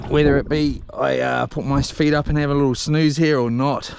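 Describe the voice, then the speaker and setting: A man's voice: mid-range voice, fairly even intonation, moderate pace, creaky. A man vlogging alone on a houseboat, rambling and muttering to himself through a head-mounted camera. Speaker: solo vlogger. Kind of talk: casual self-talk to camera. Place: on a houseboat at sea, outdoors. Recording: loud engine and water noise.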